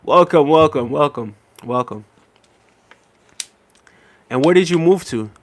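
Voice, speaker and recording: A man hosting a spiritual live stream, casually chatting and reading viewer comments aloud, with a relaxed, easygoing delivery and frequent "right?" check-ins. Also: fairly high pitch, takes it slowly. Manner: relaxed, conversational, laughs often, frequent "right?" and "big up". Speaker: livestream host reading chat.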